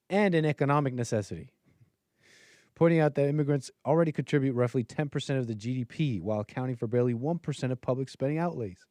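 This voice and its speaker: A man's voice: mid-range voice, darkish tone, dry recording. Rambling male livestream host, dry close mic. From United States. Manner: rambling, self-interrupting, laughs at own tangents. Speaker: livestream political talk host. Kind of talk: casual political livestream commentary.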